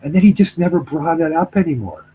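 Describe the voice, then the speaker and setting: A man's voice: on the high side, animated, fast talker, warm tone, slight background noise, low-quality recording. A middle-aged man telling a story in casual chat, rambling, repeating himself, trailing off.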